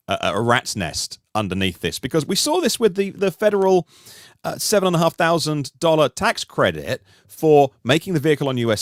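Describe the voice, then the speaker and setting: A man talking through a podcast discussion in an animated, rambling way, with many restarts. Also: mid-range voice, no room sound, studio quality. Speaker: podcast host, guest panelist.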